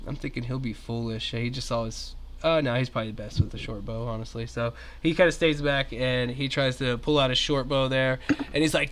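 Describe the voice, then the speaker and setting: A man, narrating a tabletop game as game master in a relaxed, chatty way. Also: medium pitch, a little fast, few pauses.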